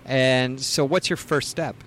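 A man's voice: mid-range voice, steady tone, measured pace, fairly bright tone, a little hiss or hum. A man hosting a podcast, asking questions in loose, filler-heavy talk. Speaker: podcast host. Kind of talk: casual podcast interview.

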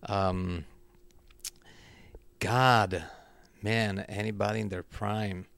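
A man with a low, gravelly voice chatting as a guest, pausing and hunting for words. The sound is dry and close, with little room around it. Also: steady tone, fairly bright tone, dry recording. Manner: hesitant, searching for words, many fillers. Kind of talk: casual chat.

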